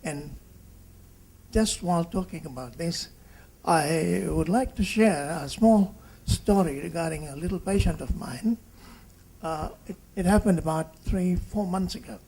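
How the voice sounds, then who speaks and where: A doctor in his seventies, from Fiji, speaks at a reunion in a husky, mellow voice. He talks haltingly, restarting phrases, and he brings the people he quotes to life. His voice sits a bit higher than most men's. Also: rough recording. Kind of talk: reunion speech, storytelling.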